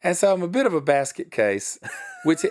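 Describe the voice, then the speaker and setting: A middle-aged man with a Southern US accent, a guest telling personal stories in an animated way, with a lot of pitch swings and laughter. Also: normal speed. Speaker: guest, production company head. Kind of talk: storytelling interview.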